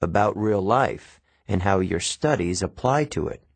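A man voicing a demanding male Latin teacher in a storybook reading, speaking in a formal, measured, precise way. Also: low voice, lively intonation, creaky, heavily acted. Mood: stern.

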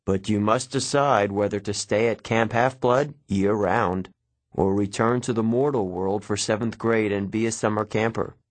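A man voicing an older male centaur teacher, measured and gentle, in an audiobook. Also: on the low side, no echo, lightly acted. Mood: grave.

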